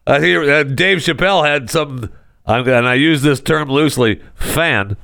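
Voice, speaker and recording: A man's voice: fairly high pitch, unhurried, vocal fry, bright, forceful tone, no echo, studio quality. A man hosting a podcast, telling jokes in a casual comedic monologue and chuckling at his own lines. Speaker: podcast host.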